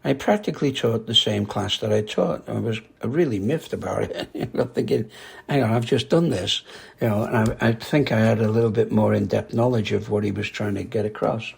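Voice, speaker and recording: Older male host, low husky gravelly voice, casual rambling anecdotes, chuckles often. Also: a little fast, hardly any pauses. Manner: chatty, rambling, laughs at his own stories. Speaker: karate instructor and podcast host.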